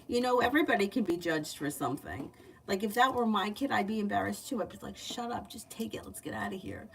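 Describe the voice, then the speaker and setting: A woman giving tarot readings in a casual livestream, chatty and candid, laughing often. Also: on the high side. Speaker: tarot reader. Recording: distant mic, faint background noise.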